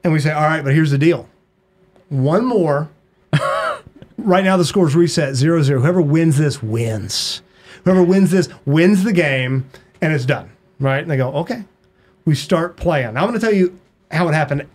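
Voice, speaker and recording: Animated male storyteller, higher voice. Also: normal speed. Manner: animated, hums sound effects; frequent "right?" tag questions. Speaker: podcast guest. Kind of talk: storytelling in conversation.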